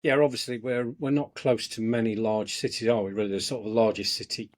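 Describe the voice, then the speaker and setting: A man hosting an interview, asking relaxed questions and prompting with tag questions. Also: fairly low pitch, brisk. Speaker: interviewer, host.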